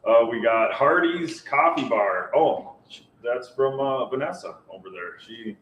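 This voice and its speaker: A man's voice: mid-range voice, expressive, measured pace, a bit bright, dull audio. A man co-hosting a live show, easygoing and teasing as he reads out viewer comments. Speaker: co-host. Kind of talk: casual live-stream chat. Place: retreat center in California. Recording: roomy room with faint background noise.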